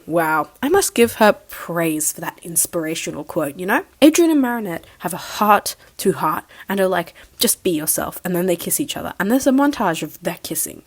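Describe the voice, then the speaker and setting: Sarcastic young woman recapping a show. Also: on the low side. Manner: sarcastic, mocking, chatty. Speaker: show reviewer. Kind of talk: casual recap review.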